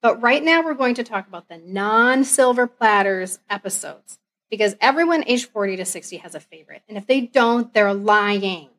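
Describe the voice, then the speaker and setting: A woman's voice: a little high, animated, brisk, fairly bright tone. A middle-aged woman co-hosting a podcast in casual chat, emphatic and playful with punchy asides. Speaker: podcast co-host.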